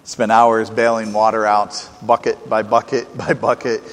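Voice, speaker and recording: Animated preacher man in a reverberant hall. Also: fairly low pitch, a little slow. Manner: animated, swings from loud emphasis to quiet asides. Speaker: pastor. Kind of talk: sermon.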